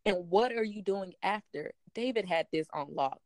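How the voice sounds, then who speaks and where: A woman's voice: mid-range voice, lively intonation, moderate pace, darkish tone, no echo. A woman hosting a faith podcast asks reflective questions and quotes scripture in an encouraging way. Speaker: podcast host. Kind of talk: faith-based podcast conversation.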